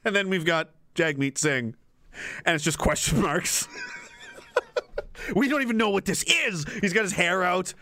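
A man's voice: high-pitched, animated, normal speed, pauses often, sharp tone, dry recording, clean studio sound. A man streaming live, rambling, giggling and swearing in a casual comedic rant.

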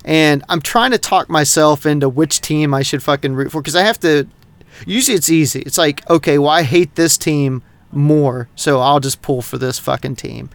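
A middle-aged man from North Texas rambles through a casual podcast chat, swearing constantly. His voice sits a little high for a man and comes across smooth and clear. The sound is dry and close. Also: normal speed, no echo. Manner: rambling, heavy swearing, animated. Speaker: podcast co-host.

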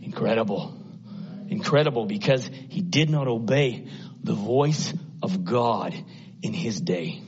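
A man preaches with fervor, moving between quiet pleading and high, ringing appeals. His voice is a little husky. The recording is dull and lo-fi, like an old church tape. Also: a little slow. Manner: impassioned, swinging from hushed to loud and high. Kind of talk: sermon.

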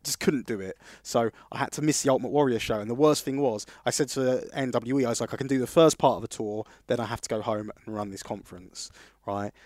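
A man co-hosting a podcast, telling long stories full of restarts and asides. His voice sits at an average pitch, and the recording is dry and close. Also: fast, darkish tone, no echo. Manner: rambling anecdotes with restarts. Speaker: podcast co-host. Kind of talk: casual storytelling chat.

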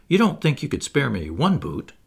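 A sly, greedy young gentleman, as a male reader plays him, wheedling in a raised, lively pitch. The voice has a rough, husky grain. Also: moderate pace, full character voice. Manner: wheedling, then haughty.

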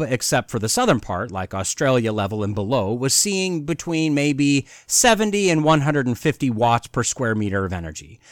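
Sarcastic man with a lively voice. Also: on the high side, dry recording, studio quality. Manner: sarcastic, mocking, reads quotes aloud. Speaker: podcast host. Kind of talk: sarcastic commentary on an article.

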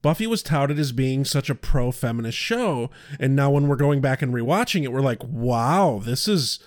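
A man's voice: mid-range voice, brisk, dry recording, clean studio sound. A man co-hosting a casual chat, ranting with profanity and acting out quoted voices. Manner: profane, exasperated rants with animated quoted voices. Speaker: podcast co-host.

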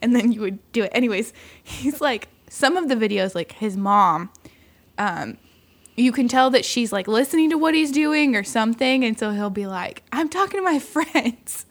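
Gravelly-voiced chatty woman. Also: fairly high pitch, normal speed. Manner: animated storyteller, laughs often, acts out quotes. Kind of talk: casual chat.

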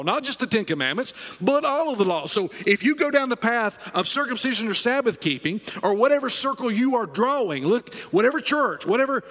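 Man, high voice, pastor preaching, emphatic, repeats phrases, church hall with long reverb. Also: fairly bright tone. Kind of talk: sermon. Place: church sanctuary.

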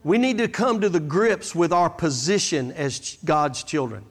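A man's voice: fairly high pitch, sing-song, moderate pace. A man preaching a sermon, telling stories with animation and drawing out his emphatic declarations. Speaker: guest preacher. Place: church sanctuary. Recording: church hall reverb.

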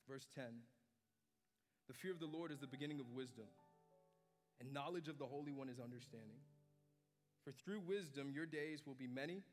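A male pastor preaching a sermon, swinging from hushed, low passages to loud, emphatic climaxes. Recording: hall reverb with soft music beneath.

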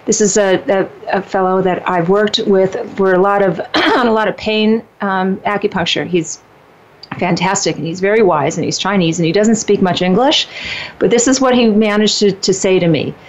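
A woman in her fifties talking casually about dating and relationships, animated and emphatic, often restarting her sentences. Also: mid-range voice, moderate pace, slight background noise. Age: 50s. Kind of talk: casual conversation. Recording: dull lo-fi sound.

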